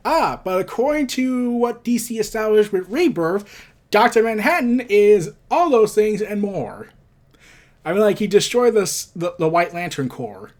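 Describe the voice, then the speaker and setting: A man's voice: high voice, expressive, a little slow, darkish tone. A man reviewing a comic book in casual commentary, reading panels aloud and breaking off into rambling, stumbling asides.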